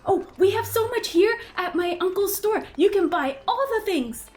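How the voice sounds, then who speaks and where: A woman voicing an excitable little gnome boy who is bubbly and eager in a tabletop game. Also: extremely high pitch, moderate pace, pitched above the performer's own voice. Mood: chirpy.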